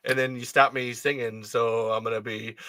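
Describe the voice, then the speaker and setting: A man's voice: medium pitch, flat delivery, moderate pace, pushed and bright, no room sound. A man hosting a podcast, chatting playfully and laughing often. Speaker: podcast host. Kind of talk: casual chat.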